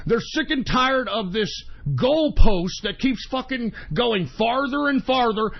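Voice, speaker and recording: A man hosting a radio show, ranting in a profane, combative monologue that flares into shouting. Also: sits high, animated, a little slow, gravelly, few pauses. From United States. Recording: dull lo-fi audio.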